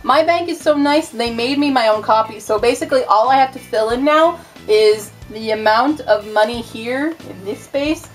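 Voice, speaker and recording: A woman's voice: a little high, normal speed, few pauses, soft background music. Chatty self-mocking young woman vlogger. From United States. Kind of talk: casual vlog explainer.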